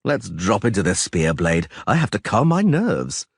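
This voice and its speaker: A man voicing a vain, flamboyant young bard who talks excitably and dramatically in an audiobook. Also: lowish voice, moderate pace, slightly rough, no echo, clean studio sound, full character voice. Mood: excitable flamboyant. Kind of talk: audiobook character voice.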